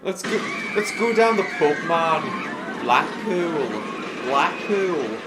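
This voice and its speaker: A man putting on a rowdy young northern lad itching for the pub, chanting in a mock-boisterous way. Loud crowd noise sits behind him. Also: a little high, animated, slow pace.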